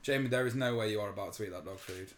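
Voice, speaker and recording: A man's voice: fairly low pitch, rapid-fire. A young man hosting a casual podcast, laughing and teasing his friends. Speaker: podcast host.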